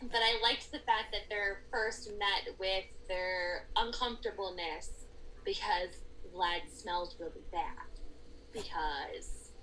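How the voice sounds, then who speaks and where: Bright, animated woman reviewing a book. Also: medium pitch, slow, slight background noise, rough recording. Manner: animated, laughs often, retells scenes in voices. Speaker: book podcast co-host. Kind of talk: casual book review chat.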